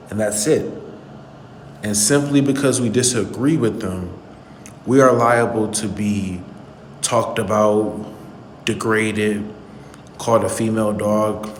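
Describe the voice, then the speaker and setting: A man's voice: on the low side, slight background noise. Indignant man in an echoey room. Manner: earnest, indignant, repeats his points. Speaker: channel host. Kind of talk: commentary monologue on a played clip.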